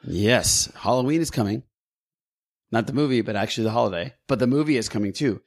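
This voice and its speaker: A male podcast host with a teasing, jokey way of talking. He speaks at a middling pitch and keeps the talk moving along. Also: lively intonation, a little fast. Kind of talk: casual podcast chat.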